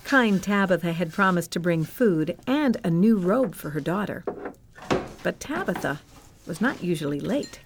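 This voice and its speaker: A woman narrating a Bible story for children in a gentle, expressive scripted style. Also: lowish voice, normal speed, vocal fry, a little hiss or hum.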